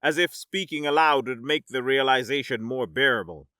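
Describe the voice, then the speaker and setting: A man narrating a science-fiction story in a dramatic, measured audiobook style. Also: mid-range voice, bright, forceful tone, dry recording, studio quality.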